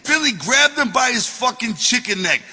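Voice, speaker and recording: Profane, storytelling man with a bright voice. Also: very high voice, big pitch swings, normal speed, in a large hall, slight background noise. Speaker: author reading his memoir. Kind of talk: audiobook narration.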